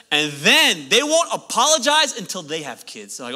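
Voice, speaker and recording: A pastor in his thirties preaches with a very bright, forceful tone that sits a little high for a man. He delivers his sermon in an animated way, mixing earnest points with joking asides to the congregation. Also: normal speed.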